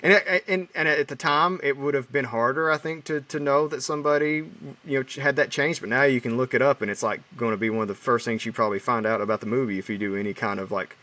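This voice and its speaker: A man chatting on a film podcast, talking in a loose, hesitant way full of restarts and fillers. His voice is bright and forward, and he sits a little back from the microphone. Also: medium pitch, quick pace, distant mic. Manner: rambling, hesitant, many restarts. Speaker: podcast co-host. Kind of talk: casual chat.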